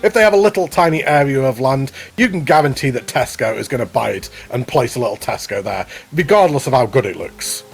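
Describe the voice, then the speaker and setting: A man co-hosting a relaxed showcase of contest entries, chatting upbeat and praising each one. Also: mid-range voice, a little fast, gravelly, hardly any pauses, husky. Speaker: co-host. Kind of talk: casual chat commentary on contest entries.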